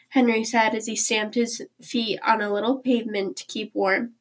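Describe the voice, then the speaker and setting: Woman narrator, gentle read-aloud of a children's book. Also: a little high, level tone, normal speed, rough recording. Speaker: reader.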